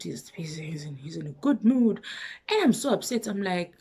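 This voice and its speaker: A woman with a South African accent telling a personal story on her vlog, lively, with hushed asides. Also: on the low side, normal speed, slightly rough. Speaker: vlogger.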